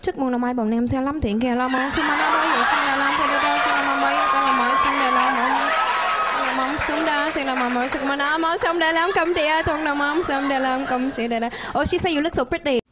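A woman's voice: fairly even intonation, very noisy, lightly acted. A woman putting on a chattering nail salon lady. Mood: fussing, chattering. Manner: rapid, loud, high-pitched chatter.

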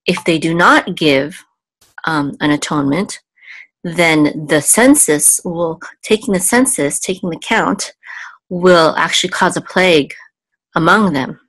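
A woman's voice: fairly low pitch, no room sound. A woman teaching a Hebrew reading lesson, going patiently letter by letter with small fillers. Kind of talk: online language lesson.

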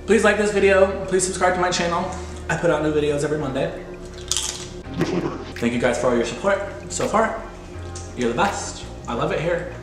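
A man's voice: very echoey, rough recording. A man giving a casual, self-mocking commentary on a video game he is playing. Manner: playful, self-mocking, sudden high-pitched squeals.

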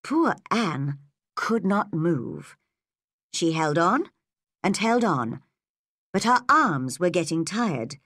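Woman narrator for learner stories, low-ish, unhurried, clear diction. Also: no echo, studio quality. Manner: slow, clear, measured reading. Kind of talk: graded-reader story narration for learners.

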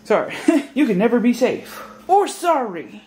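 A woman chatting casually to camera in her home kitchen, slangy and thinking out loud, now and then slipping into a put-on British accent. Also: fairly high pitch, sing-song, measured pace, slight background noise. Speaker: vlogger. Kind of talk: casual vlog chat.

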